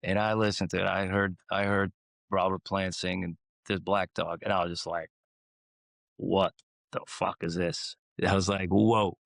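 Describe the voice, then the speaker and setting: A man from Croatia, a guest in a casual interview who tells rambling stories with lively swings in his voice. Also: moderate pace, gravelly, dry recording, clean studio sound. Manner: animated, rambling, acts out quotes with swings in pitch. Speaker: guest singer.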